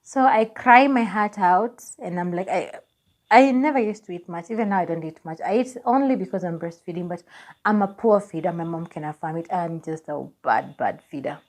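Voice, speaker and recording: A young Kenyan woman in her twenties telling a personal story on her vlog, lively and laughing as she acts out what people said. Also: on the low side, normal speed. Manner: animated, laughing, acts out dialogue. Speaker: vlogger.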